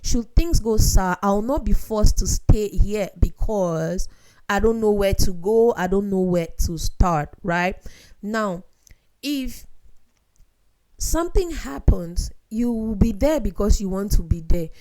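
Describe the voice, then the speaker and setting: A woman's voice: medium pitch, lively intonation, slow pace, mellow. Young woman vlogger, earnest and direct, lecturing viewers like a big sister. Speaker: vlogger giving relationship advice. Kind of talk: casual advice monologue.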